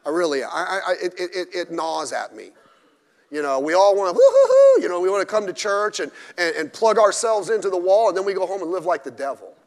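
A man's voice: high voice, quick pace, gravelly. A male pastor preaching a sermon at a midweek service, blunt and emphatic with mocking asides. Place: church during a midweek service. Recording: echoey church hall.

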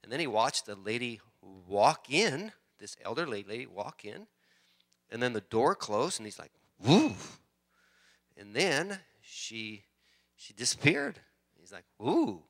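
Bright-voiced male pastor telling stories. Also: medium pitch, a little slow. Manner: animated storytelling, rising excitement. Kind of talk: sermon.

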